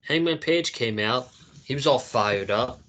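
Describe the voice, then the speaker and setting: A man in a mid-range voice chats through a recap, quoting lines as he goes. He talks in a relaxed, conversational review style. He sounds like a co-host on a casual show. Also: mid-range voice, measured pace, slight background noise. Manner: recaps segments, quoting wrestlers in dialogue. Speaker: podcast co-host.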